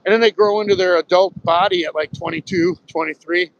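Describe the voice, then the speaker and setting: A man in his sixties from Southern New Jersey talks in a rambling, storytelling way, dropping casual swears along the way. His voice sits fairly high for a man. He is live streaming on a phone as he walks along a beach. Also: fairly even intonation, a little fast, lo-fi sound, a little hiss or hum. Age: 60s. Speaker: live streamer, retired Marine pilot. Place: outdoors on a beach, walking. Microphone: phone held while walking.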